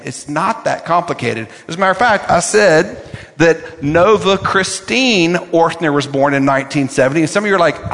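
An older man preaches from the pulpit, his voice sitting a little high for a man. He leans hard on key words and repeats them for effect. Long reverb from the sanctuary trails each phrase. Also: a bit bright. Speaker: pastor. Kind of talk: sermon.

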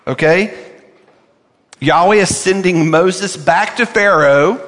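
A man's voice: high-pitched, slow, a bit bright, in a large hall. An older man, a pastor, preaching a sermon with emphatic repetition of key words.

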